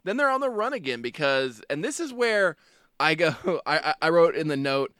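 A man co-hosting a podcast, talking casually about a film, animated and quick to laugh. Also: a little high, clean tone, no echo, clean studio sound. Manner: animated, laughs often, slips into silly voices. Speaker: podcast co-host. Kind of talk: casual movie discussion.

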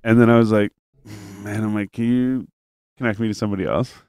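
A man's voice: lowish voice, fairly even intonation, a little fast, darkish tone, clean tone, no echo, clean studio sound. A man telling a long, rambling story in casual chat, cursing freely and acting out both sides of a phone call.

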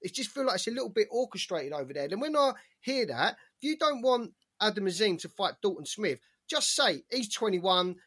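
A man's voice: high-pitched, big pitch swings, fairly quick, few pauses, fairly bright tone, husky. A man, a podcast co-host in casual sports chat, ranting heatedly and swearing a lot.

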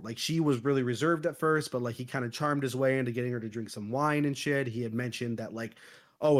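A man podcast host casually retelling a horror movie plot, full of slang and swearing. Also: mid-range voice. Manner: animated retelling with crude slang. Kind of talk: casual movie review chat.

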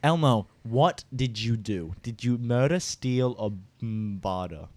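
A woman's voice: rumbling low, animated, measured pace, a little mellow. A woman playing an improv party game, questioning playfully and bossily and laughing often. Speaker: player.

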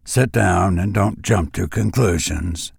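A male reader playing a gentle elderly father, subdued and hushed, reading slowly in a dry, close sound. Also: sits low, gravelly, slightly rough, no room sound, voice pushed down, exaggerated voice. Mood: soothing.

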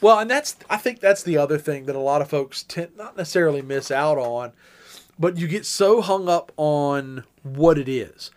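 A man with a somewhat raised pitch talks loosely on a podcast. He drags his anecdotes out and swears now and then in passing. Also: expressive. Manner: drawn-out anecdotes, mild swearing. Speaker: podcast co-host. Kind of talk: casual chat.

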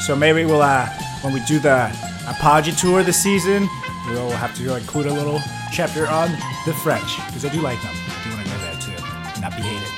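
A man's voice: mid-range voice, fairly quick, music in the background. A man co-hosting a podcast in casual chat, telling profane stories with lots of laughing. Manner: animated, laughing, profane storytelling. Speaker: podcast co-host.

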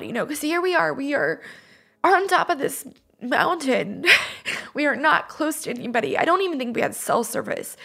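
A woman's voice: sits high, very animated, moderate pace, creaky, a bit bright. A young woman from Northern California, a radio host, tells a personal story on air and gets choked up as she talks.

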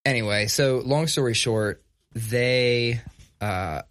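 A man co-hosting a casual podcast, talking in a relaxed, conversational way and telling stories. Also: medium pitch, slow. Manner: conversational, reads sponsor plug casually. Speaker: podcast co-host. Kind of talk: casual chat.

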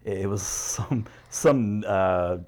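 A man co-hosting a movie podcast in loose, joking chat. His voice sits a bit low, and he laughs often and lets sentences trail off before starting over. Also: slow, a little mellow. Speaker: podcast co-host. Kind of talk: casual banter.

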